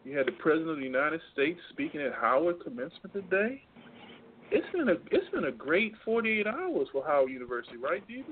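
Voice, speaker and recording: A man's voice: on the high side, big pitch swings, fast talker, a little hiss or hum. A man calling in to a radio talk show, teasing the hosts in a joking way. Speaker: caller. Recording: phone line.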